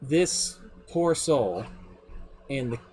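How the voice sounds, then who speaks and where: A man streaming live as game master, telling the story of his campaign in a casual, animated way with some swearing. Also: mid-range voice, very slow, a little hiss or hum. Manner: animated, swearing, shifts pace often. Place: home streaming setup.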